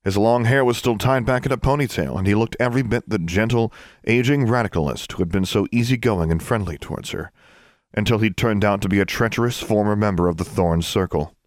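Low-voiced man narrating an audiobook. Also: no room sound, studio quality. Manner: measured, even storytelling.

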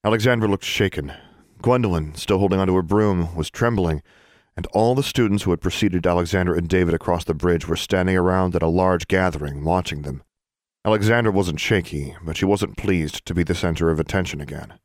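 A man narrating an audiobook in a steady storytelling manner. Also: low voice, a little fast, no echo, clean studio sound.

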